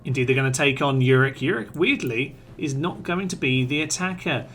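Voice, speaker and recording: A man's voice: medium pitch, lively intonation, normal speed, fairly bright tone. A man giving chatty let's-play commentary on a strategy game, playfully addressing his troops aloud. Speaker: gaming commentator.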